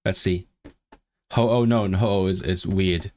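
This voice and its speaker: A man's voice: sits low, fairly even intonation, slow pace, darkish tone. A man chatting casually on a live stream, thinking aloud, repeating and restarting words. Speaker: language-learning livestreamer.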